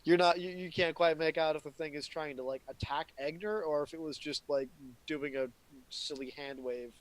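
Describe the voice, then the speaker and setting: A man's voice: fairly high pitch, moderate pace, rough recording. A man acting as dungeon master, narrating a tabletop game with easygoing, descriptive detail.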